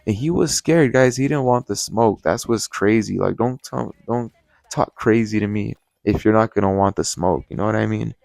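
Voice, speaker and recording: A man's voice: on the low side, normal speed, gravelly, dry recording. A young man telling a workplace story to camera in a casual vlog, profane and fired up, talking straight to his viewers. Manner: profane, heated, animated storytelling, addresses viewers as guys. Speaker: restaurant manager.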